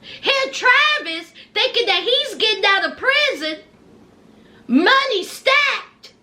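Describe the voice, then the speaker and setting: A woman giving sassy, animated casual commentary on a reality show, with folksy asides. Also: extremely high pitch, measured pace.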